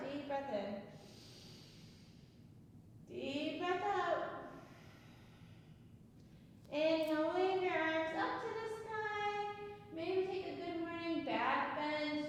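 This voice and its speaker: A woman leading a kids yoga class in a studio, giving gentle, playful sing-song cues. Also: sits high, slight background noise. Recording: very echoey room with long reverb.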